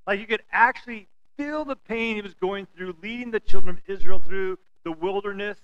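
A man's voice: sits high, moderate pace, clear, resonant tone, muffled recording. A man in his forties preaching a sermon, telling stories and acting out quotes with humor. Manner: animated storytelling with acted-out quotes and humor. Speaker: pastor.

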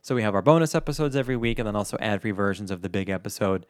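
A man's voice: fairly low pitch, lively intonation, very fast, clear, resonant tone, dry recording, studio quality. A man co-hosting a podcast, chatting casually through the show's outro and plugs. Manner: chatty, self-deprecating. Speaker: podcast co-host.

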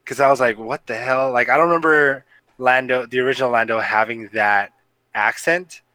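A man's voice: medium pitch, fairly even intonation, fairly quick, bright, forceful tone, smooth, no room sound, rough recording. A man co-hosting a casual movie review podcast, rambling with lots of fillers and laughter. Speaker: podcast co-host.

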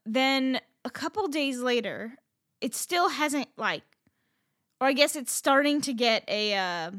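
A woman co-hosting a podcast, telling a story in casual chat, animated and swearing freely with lots of fillers. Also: sits high, a little slow, no echo, clean studio sound. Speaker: podcast co-host.

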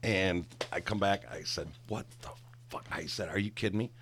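A man's voice: low-pitched, normal speed, a little hiss or hum. A middle-aged man telling a long, rambling, profane story from his bartending days in casual chat. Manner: profane, rambling, animated when worked up. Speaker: guest storyteller, former bartender.

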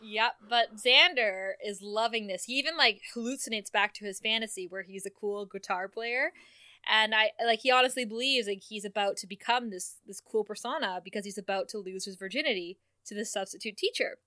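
A woman's voice: mid-range voice, fairly quick, bright, forceful tone, dry recording. A woman co-hosting a podcast, chattily recapping TV episode plots with frequent laughs. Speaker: podcast co-host. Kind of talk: casual recap chat.

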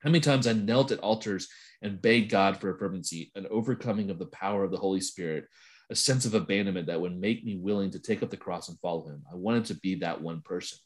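Low-pitched male co-host, relaxed and halting, often restarting his thoughts. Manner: halting, with many restarts and laughs. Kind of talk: casual conversation about ministry. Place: at home late at night.

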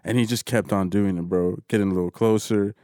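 Low-voiced laid-back man. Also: fairly even intonation, brisk, warm tone, no echo, clean studio sound. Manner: laid-back, profane, quotes others. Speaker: warehouse worker. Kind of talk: casual chat.

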